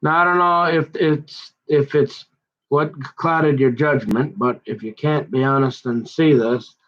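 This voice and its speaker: A man telling a long personal grievance in a rambling, halting way, often restarting his sentences and growing heated as he goes. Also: mid-range voice, dull audio. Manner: aggrieved, heated. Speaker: son recounting a family conflict.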